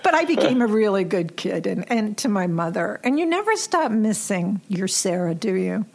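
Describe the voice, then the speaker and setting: Animated woman host telling stories. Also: medium pitch, moderate pace, vocal fry. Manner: animated, emotional storyteller, laughs often. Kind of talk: casual chat.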